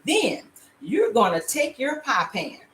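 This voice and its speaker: A woman's voice: sits high, huge pitch swings, takes it slowly, a bit bright, roomy sound, slight background noise. An older woman hosting a home cooking show, talking casually and playfully with viewers, checking in with them often. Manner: chatty, playful, frequent laughs and "all right?" check-ins. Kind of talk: casual recipe demonstration. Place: home kitchen. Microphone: laptop camera.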